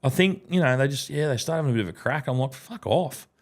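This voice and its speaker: A man's voice: mid-range voice, racing. An Australian man hosts a podcast from a studio in casual chat. He tells stories in a looping, sweary way, stopping and restarting mid-thought. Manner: swearing, rambling storyteller with frequent restarts. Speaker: podcast host and comedian.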